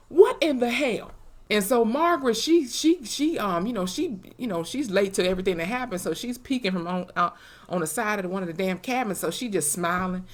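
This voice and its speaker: A young woman, recapping a TV episode in an animated, profane way and acting out the characters' lines. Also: on the high side. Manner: animated, profane storytelling with acted-out quotes. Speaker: TV episode reviewer. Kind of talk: casual recap vlog.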